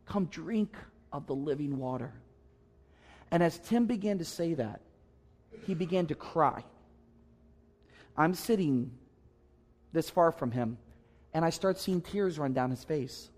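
Earnest male pastor, slightly high voice. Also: animated, unhurried, pauses often, a little mellow. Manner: earnest, conversational storytelling with emphatic asides. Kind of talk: sermon storytelling.

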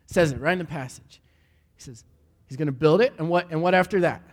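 A man preaching a sermon, animated and asking the room repeated questions, often stumbling over restarts. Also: fairly high pitch, quick pace. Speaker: pastor. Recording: hall reverb.

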